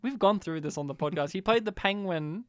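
A man's voice: sits high, animated, brisk, a bit bright, clear, resonant tone, no room sound. Playful podcast man, dry close sound. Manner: playful, laughs often, breaks into silly impressions. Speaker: podcast co-host. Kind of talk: casual chat.

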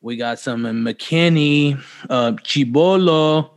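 A man's voice: on the high side, slow pace, background noise. A loose, profane man from Texas hosts a casual podcast. He rattles through his talk with playful noises and laughs, never stiff. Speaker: podcast host.

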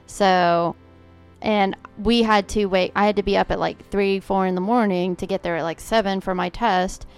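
A woman's voice: medium pitch, steady tone, normal speed, clean tone, soft background music. A woman co-hosting a podcast, telling a personal story in a chatty, casual way with lots of filler words. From Oklahoma. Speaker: podcast co-host. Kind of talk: casual chat.

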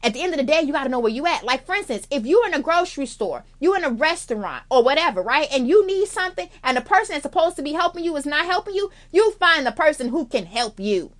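Sassy, blunt, higher-voiced woman. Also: big pitch swings, fast talker, few pauses. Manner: sassy, blunt, swears freely, calls listener girl and baby. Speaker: vlogger giving life advice. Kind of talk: casual advice monologue.

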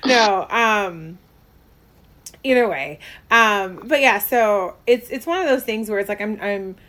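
A young woman co-hosts a podcast in casual chat, her medium-pitched voice slow and a bit bright. She rambles with many fillers and restarts and laughs often.

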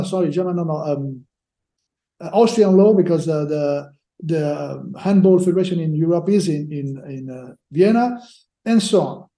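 He's a sports lawyer guest on a podcast, giving interview answers. The high, dark-toned voice comes out haltingly, repeating words while he searches for phrasing, and the sound has a roomy echo.

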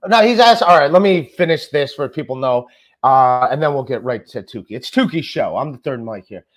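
A man's voice: medium pitch, lively intonation, fairly quick. A man hosting a casual podcast chat, rambling and stammering as he talks. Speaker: podcast host.

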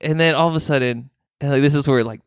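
A man who works as a nurse, telling a work story casually, animated and swearing often. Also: medium pitch, fast, clean tone, dry recording, clean studio sound. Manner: animated, swearing, acts out dialogue.

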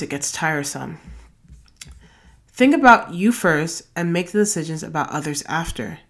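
Podcast host: young woman with a low voice who reads numbered self-help tips and slips into chatty asides. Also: a bit bright. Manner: reads numbered tips, then drifts into loose casual asides. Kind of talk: reading a self-help blog post aloud.

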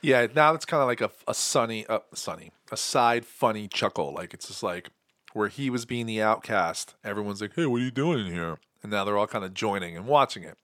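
Male podcast co-host, slightly low voice, chatty reactive delivery, dry mic. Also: animated, a bit bright, no room sound. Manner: chatty, quick reactions and jokes. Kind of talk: casual movie recap chat.

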